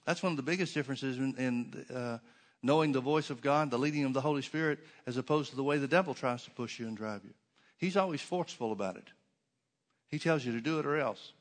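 A man's voice: medium pitch, fast. A man preaching a sermon to his congregation in a church, emphatic, with many rhetorical questions and repeated phrases. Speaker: pastor.

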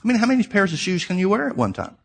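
A man's voice: high voice, huge pitch swings, racing, creaky, husky. A man preaching a sermon, reading scripture aloud and explaining it, emphatic and repeating key phrases for his listeners.

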